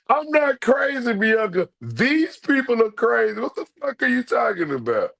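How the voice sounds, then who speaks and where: A man hosting a livestream with animated commentary, talking loudly and emphatically to his viewers, repeating himself and swearing freely. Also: extremely high pitch, moderate pace, creaky. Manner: loud, emphatic, repetitive, profane banter to viewers. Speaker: livestream host.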